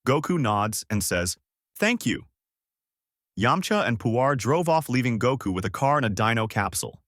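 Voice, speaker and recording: A man narrating a fan story and voicing all of its characters in an animated way. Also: mid-range voice, fairly quick, dry recording, studio quality. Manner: animated, jumps between character voices.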